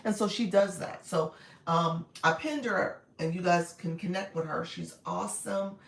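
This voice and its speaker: A woman with a naturally raspy voice, a bit strained today, hosting a casual live stream and greeting viewers warmly. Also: lowish voice, very animated, a little slow. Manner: warm, encouraging, greets viewers often. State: voice a little strained. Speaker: live-stream host and coach. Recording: echoey room.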